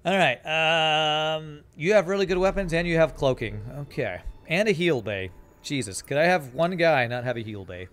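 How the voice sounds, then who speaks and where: A man's voice: on the high side, lively intonation, moderate pace, fairly bright tone. Chatty male game streamer. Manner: casual, chatty, reads viewer chat aloud and answers it. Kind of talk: live gameplay commentary.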